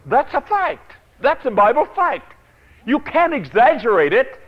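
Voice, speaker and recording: A male preacher telling a Bible story in a dramatic sermon, swinging from loud to hushed and chuckling often. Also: extremely high pitch, very animated, a little slow, lo-fi sound.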